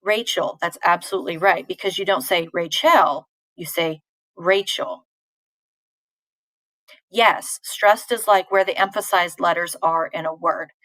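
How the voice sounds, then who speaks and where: Female teacher, unhurried explanations, slightly low pitch, casual live-lesson delivery. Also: fairly even intonation, a bit bright, dry recording, poor audio. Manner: patient, informal, many fillers and restarts. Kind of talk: live online poetry lesson answering chat questions.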